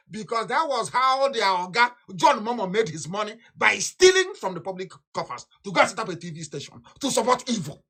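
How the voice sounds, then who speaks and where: A man giving an impassioned political broadcast, fiery and scornful, repeating himself and bursting into shouts. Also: sits high, sing-song, a little fast, husky. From Nigeria. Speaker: activist leader.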